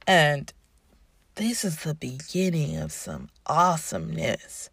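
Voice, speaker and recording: Woman book reviewer, low gravelly voice, dry close sound, rambling and gushing. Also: takes it slowly, a bit bright, no room sound. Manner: gushing and rambling, many fillers. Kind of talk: casual book review with a read-aloud passage.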